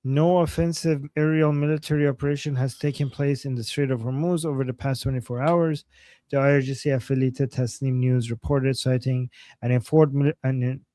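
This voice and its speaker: Excitable man, dry close voice. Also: mid-range voice, no echo. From Iran. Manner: excitable, exclaims and laughs often. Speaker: co-host. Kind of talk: casual news commentary.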